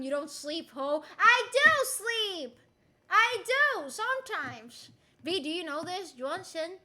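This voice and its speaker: A young woman, a native Spanish speaker, streaming casually and giving a playful mock Spanish lesson, giggling and repeating words slowly like a teacher. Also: sits high, bright, forceful tone.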